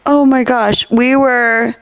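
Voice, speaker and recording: A woman's voice: fairly high pitch, slow pace. A young adult woman hosting a podcast, telling stories in a casual chat with lots of laughter. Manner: animated storytelling with frequent laughter. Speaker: podcast host.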